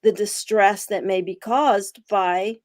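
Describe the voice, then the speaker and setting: A woman co-hosting a wellness talk, explaining steps in a slow, deliberate way. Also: medium pitch, fairly even intonation, a little mellow, no room sound, clean studio sound.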